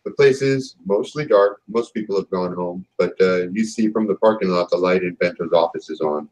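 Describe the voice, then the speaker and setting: A man narrating as game master of a tabletop role-playing game, in a relaxed way. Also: deep voice, normal speed, low-quality recording.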